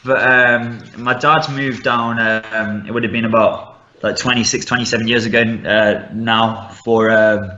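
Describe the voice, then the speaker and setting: A man's voice: on the low side, steady tone, a little slow, sharp tone. A young man with a Midlands English accent, a fighter talking casually in a podcast interview, laid-back and full of fillers. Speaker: MMA fighter, guest. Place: rural home in northern Scotland. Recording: echoey room, dull lo-fi sound.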